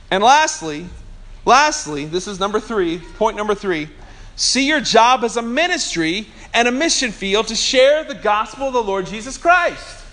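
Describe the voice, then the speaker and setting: A man's voice: high voice, very animated, unhurried, sharp tone. A male pastor preaching a sermon in a church, talking conversationally, joking with the congregation and calling for amens.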